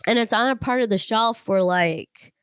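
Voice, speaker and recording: A woman's voice: a little high, moderate pace, smooth, no room sound, clean studio sound. A woman co-hosting a podcast, chatting casually and laughing often while telling a frustrated story. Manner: laughs often, plays up frustrations for comic effect. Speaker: podcast co-host. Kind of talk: casual chat.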